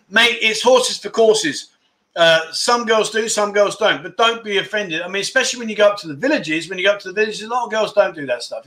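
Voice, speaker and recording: In a high, pushed, bright voice, a man in his fifties runs a casual livestream, reading viewer comments aloud and chatting amid rambling anecdotes.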